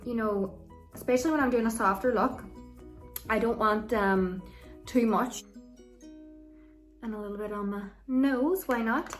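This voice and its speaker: A woman giving a casual, chatty makeup tutorial, with a loose way of talking and plenty of ums and likes. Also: fairly high pitch. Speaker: makeup vlogger.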